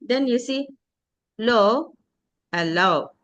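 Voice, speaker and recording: Indian english lady drilling pronunciation, slow and careful, slightly high voice. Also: expressive, fairly bright tone. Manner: slow, repeats words for a student to echo. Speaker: English teacher.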